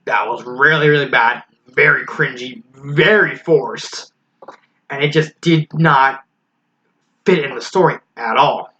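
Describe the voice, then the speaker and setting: A man's voice: medium pitch, takes it slowly, pushed and bright. A man giving a casual spoken review of a fan story, frank and critical, thinking aloud as he goes. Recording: slightly dull lo-fi recording with faint hiss.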